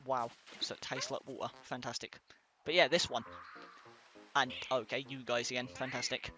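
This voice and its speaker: Man, bright sharp tone, mid pitch, rambling casual gameplay commentary. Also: level tone, normal speed, husky, faint music behind. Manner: rambling, many "like" fillers, thinking aloud. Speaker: let's player.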